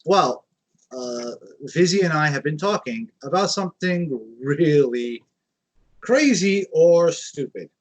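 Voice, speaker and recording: Guy hosting, chatty, talks to the viewers, pretty bouncy voice, bit high. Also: animated, slow. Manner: conversational, addresses the audience. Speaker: host. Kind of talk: casual talk to viewers.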